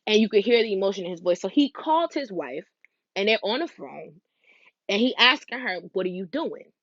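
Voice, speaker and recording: A woman in her twenties hosting a podcast, telling stories in a casual, animated way, with slang and frequent asides to her listeners. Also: medium pitch, brisk, dry recording, dull audio. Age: 20s. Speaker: podcast host. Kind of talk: casual solo podcast chat.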